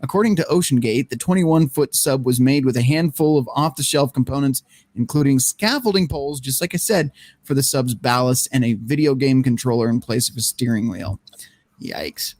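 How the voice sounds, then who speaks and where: A man hosting an online panel show in an everyday mid-range voice. He reads news out loud, breaks off to laugh and curse, and keeps pulling the group back on topic. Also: medium pitch, moderate pace, no room sound. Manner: profane, laughing, steers the talk back on topic. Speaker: podcast host. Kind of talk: casual panel chat, reading news aloud.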